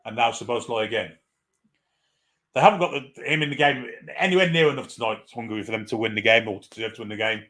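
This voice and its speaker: A man's voice: mid-range voice, fast talker, a bit bright. A man giving live fan commentary on a football match, irreverent, swearing freely and reading out viewer comments.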